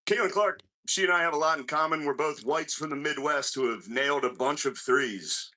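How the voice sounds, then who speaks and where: A man chats on a comedy podcast, spinning crude stories about his girlfriend and laughing through them. His tone is bright and cutting. He sometimes acts out yelling in his anecdotes. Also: on the high side, fairly quick. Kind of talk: casual podcast banter.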